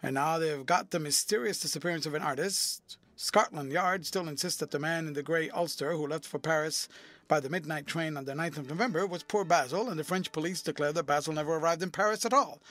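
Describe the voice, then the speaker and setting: A man reading the part of a witty, cynical aristocratic gentleman with an amused, epigrammatic delivery. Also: a little high, brisk, close to an everyday voice.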